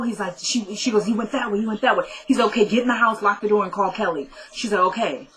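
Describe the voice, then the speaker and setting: A woman chatting through a TV episode recap in a relaxed vlog style. Her voice sits at a middle pitch. She retells scenes by quoting the characters' lines one after another and breaks off for teasing asides to her viewers. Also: fast talker, hardly any pauses, rough recording. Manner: playful asides and mock complaints to the viewer. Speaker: TV episode reviewer.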